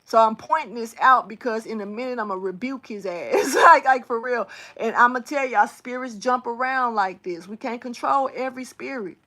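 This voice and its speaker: A woman spiritual reader telling a story casually to her camera, animated and slangy, swearing and talking straight to her viewers. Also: a little high, normal speed, hardly any pauses.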